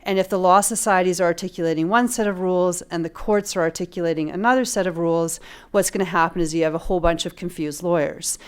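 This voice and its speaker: A middle-aged woman speaking on a legal ethics panel as a law professor, measured and analytical with touches of dry humor. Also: fairly low pitch, clean tone. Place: lecture room at a panel event.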